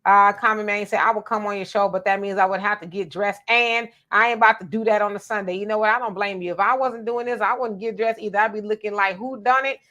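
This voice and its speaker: A woman from Southern California co-hosting a live stream, chatting casually with viewers and telling animated stories. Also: medium pitch, quick pace, hardly any pauses. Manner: animated, talks straight to viewers, tells stories. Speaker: co-host of a live stream show.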